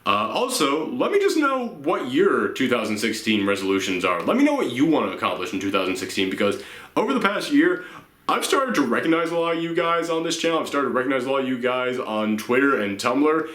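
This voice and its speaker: A young man talks straight to camera, unscripted and a little rambling, tired from the late hour but earnest. His voice sits at a middle pitch with a bright, forward edge. The room around him is noticeably echoey. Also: big pitch swings, fairly quick. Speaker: YouTube channel host. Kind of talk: casual vlog to viewers.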